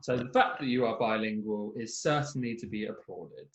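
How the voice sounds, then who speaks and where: A man from England co-hosting a casual football podcast, chatty and quick to laugh at himself. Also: lowish voice, echoey room, highs cut off. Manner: chatty, laughs often, self-mocking. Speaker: podcast co-host. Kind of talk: casual chat.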